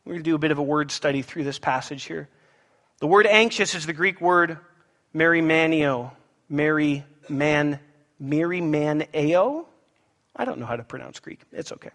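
High bright preacher guy giving a sermon, jokey asides, big echoey hall. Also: fast, gravelly. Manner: animated, playful asides to the congregation. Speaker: pastor. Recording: echoey hall with long reverb.

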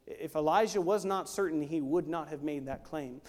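A man's voice: a little high, normal speed, few pauses. Man preaching in a reverberant church. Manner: preaching with sharp swings from hushed to loud. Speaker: pastor. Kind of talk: sermon. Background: worship team instruments.

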